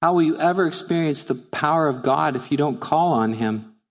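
A man's voice: on the high side, normal speed, long reverb tail. A middle-aged man preaching a sermon as pastor, telling stories and then building to fervent rhetorical questions. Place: church sanctuary.

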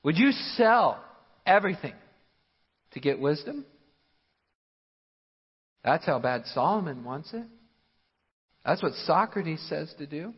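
Slow husky male preacher in a hall. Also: on the high side. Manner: slow, emphatic preaching with rhetorical questions. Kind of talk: sermon. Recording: muffled sound with long hall reverb.

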